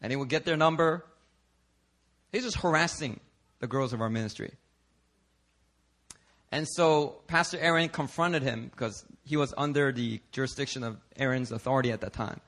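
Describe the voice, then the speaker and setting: Bright-voiced, lively male preacher. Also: medium pitch, moderate pace, pauses often. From Philadelphia, United States. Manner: animated, conversational, swings from hushed to loud while telling stories. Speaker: pastor. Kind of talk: sermon with storytelling. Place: church service.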